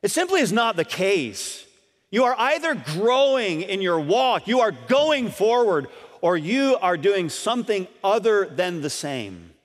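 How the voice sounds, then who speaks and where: A man preaching in an earnest, emphatic way, his voice set high and swinging widely in pitch as he drives his points home. He repeats key lines and turns to the congregation with questions. The sound carries a long reverb, as from a church hall. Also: big pitch swings, measured pace. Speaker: pastor. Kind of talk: sermon.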